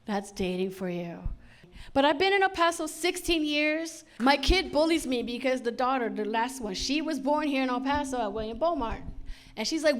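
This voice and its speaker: A woman's voice: sits high, animated, moderate pace. Chatty woman doing stand-up comedy. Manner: chatty, punchy delivery with lots of acted-out quotes. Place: on stage at a comedy show.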